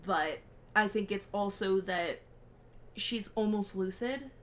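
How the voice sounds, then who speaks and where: A young woman co-hosting a podcast, casually recapping a film in an animated way, acting out the characters' lines and swearing freely. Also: medium pitch, slow, slight background noise. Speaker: podcast co-host.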